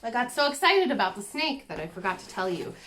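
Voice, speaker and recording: A woman's voice: fairly high pitch, sing-song, fast, fairly bright tone, a little hiss or hum. A woman chatting casually and self-deprecatingly as she shows her cross-stitch projects to the camera. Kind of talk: casual show-and-tell chat.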